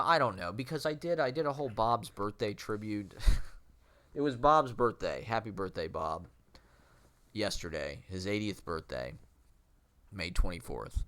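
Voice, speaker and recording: A man with a fairly low, slightly nasal voice talks to his own camera in a loose, rambling monologue. He circles his thoughts with fillers and self-questions, laughing now and then as he goes. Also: a bit bright. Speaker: vlogger and aspiring street poet.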